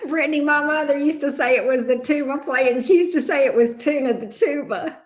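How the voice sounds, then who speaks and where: Woman, livestream host, chatty drawl, slightly high voice. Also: fairly quick. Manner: chatty, drawling, answers viewers by name. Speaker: tarot reader hosting a livestream. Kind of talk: casual livestream chat.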